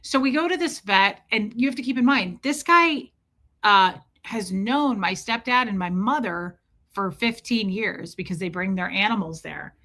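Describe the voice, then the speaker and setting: A middle-aged woman tells a story to the camera in a loose, casual way. She is blunt and swears freely, and her voice has a bright, forward edge. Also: medium pitch, moderate pace. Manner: blunt, profane and animated. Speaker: vlogger.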